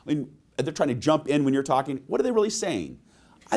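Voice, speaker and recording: A man's voice: mid-range voice, sing-song, fast, darkish tone. A man presenting a sales training webinar, telling personal anecdotes and asking his listeners rhetorical questions.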